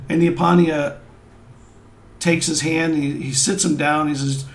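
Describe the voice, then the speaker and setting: Male game master, gravelly and a bit high, slow descriptive narration on a headset. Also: fairly even intonation, echoey room.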